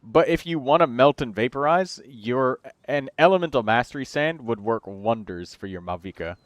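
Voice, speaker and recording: A man's voice: mid-range voice, expressive, dry recording. A man hosting a game livestream, chatting casually and rambling through build advice. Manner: chatty, rambling, quick asides to chat.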